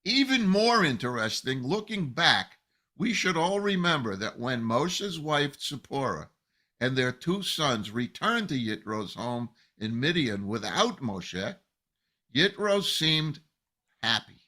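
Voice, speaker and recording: Rabbi guy teaching torah, super expressive up-and-down voice, bright tone. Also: mid-range voice, measured pace. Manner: animated storytelling, acting out quoted voices. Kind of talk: Torah lesson.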